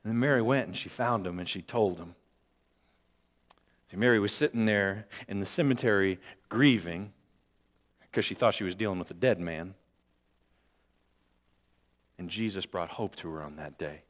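A man preaching a sermon, shifting between quiet and loud passages and joking with the congregation. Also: low voice, normal speed, long pauses. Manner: dynamic, swings from quiet to loud. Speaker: pastor.

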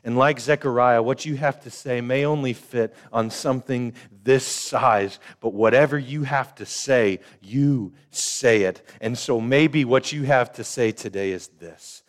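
A man's voice: mid-range voice, measured pace, few pauses. An older man preaching a sermon as pastor, conversational, repeating phrases and acting out the voices of the people in his story.

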